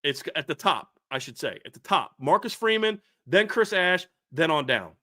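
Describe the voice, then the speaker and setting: A man's voice: on the high side, sing-song, moderate pace, bright, forceful tone, dry recording, studio quality. A man co-hosting a sports podcast, ranting heatedly about his team's coaching, fired up and repeating himself with restarts. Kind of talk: heated sports commentary rant.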